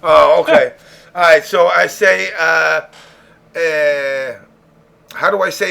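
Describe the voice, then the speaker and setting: High-pitched, gravelly joking host. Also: male voice, takes it slowly, pauses often, sharp tone. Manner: playful, laughing, coaching others. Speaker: podcast host. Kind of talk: joking casual chat.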